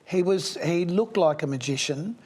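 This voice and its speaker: A man's voice: on the high side, lively intonation, normal speed, a little mellow, slightly rough. An older man hosting an interview, reminiscing and asking rambling questions. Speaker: host. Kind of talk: casual interview.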